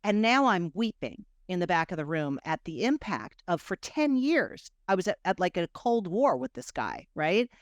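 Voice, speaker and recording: Animated middle-aged woman telling a story. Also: moderate pace, hardly any pauses, dry recording, clean studio sound. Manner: animated, acts out quoted dialogue with big swings in pitch and loudness. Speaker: guest coach. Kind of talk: personal storytelling in a podcast interview.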